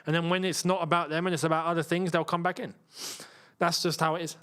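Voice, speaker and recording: A young man hosting a live football watchalong, chatting casually and shouting at near misses. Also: fairly high pitch, fast, clean tone. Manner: excitable, shouts at chances, chatty slang. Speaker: football channel host. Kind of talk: live match watchalong commentary.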